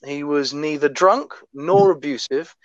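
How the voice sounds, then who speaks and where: A man's voice: on the high side, unhurried, dry recording. A man from Oklahoma co-hosting a casual true-crime chat, sweary and often laughing. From Oklahoma, USA. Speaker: podcast co-host. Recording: dull, dry sound.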